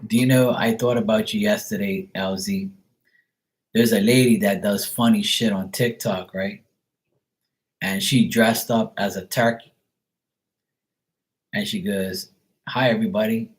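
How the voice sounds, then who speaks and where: A man's voice: fairly low pitch, steady tone, unhurried, pauses often. A man giving casual, profane tarot readings on a livestream, chatting loosely and laughing often between cards. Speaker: tarot reader.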